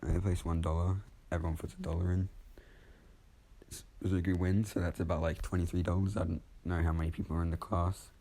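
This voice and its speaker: A man's voice: low-pitched, flat delivery, a little fast, warm tone. A man telling a fan story off the cuff, rambling casually and correcting himself as he goes.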